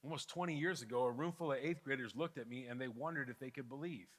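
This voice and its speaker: A middle-aged man preaching a sermon as pastor, swinging between loud fervent appeals and hushed intimate pleas. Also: medium pitch, fast. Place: church sanctuary. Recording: long hall reverb with soft guitar underneath.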